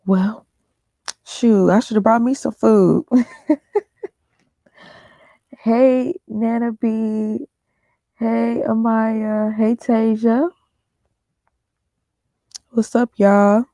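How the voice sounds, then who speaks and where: Congested woman live-streamer, unhurried and mellow, dry close sound, chatty host greeting her chat. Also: on the high side, steady tone, no echo. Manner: chatty, greets viewers by name.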